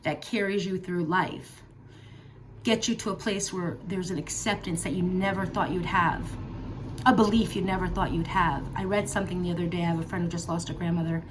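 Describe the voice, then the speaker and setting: Talking to camera in a personal vlog, this middle-aged woman speaks briskly in a lowish voice with fairly even intonation, over a noisy background. She's sincere and heartfelt, with emphatic repetitions and casual filler words.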